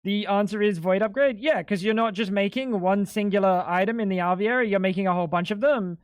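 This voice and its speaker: Male game streamer, high voice, dry close sound; blunt, exasperated, cusses casually. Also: fairly quick, smooth, no echo. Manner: blunt, exasperated explaining, swears freely. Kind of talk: casual livestream chat while gaming.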